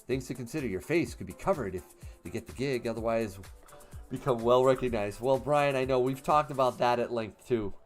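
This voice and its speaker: A man's voice: mid-range voice, brisk, soft background music. A man in his fifties hosting a casual livestream, reading chat questions aloud and answering in a chatty way with fillers and laughs. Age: 50s. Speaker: livestream host.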